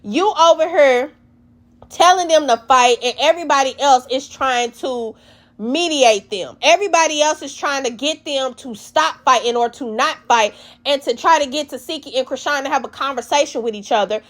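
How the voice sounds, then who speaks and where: A woman recapping a reality show in blunt, profane, animated casual talk. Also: sits high, moderate pace.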